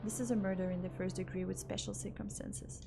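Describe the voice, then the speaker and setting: A woman voicing a menacing, mocking woman stranger with a raspy, put-on French accent. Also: medium pitch, little pitch movement, brisk, music in the background, close to an everyday voice. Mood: cold.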